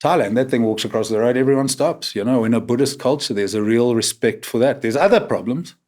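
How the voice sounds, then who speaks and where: Medium in pitch, fairly quick and a little mellow, this man is a South African podcast guest in his fifties. In a candid, conversational interview he speaks frankly about his stories, often closing with "man" or "right?".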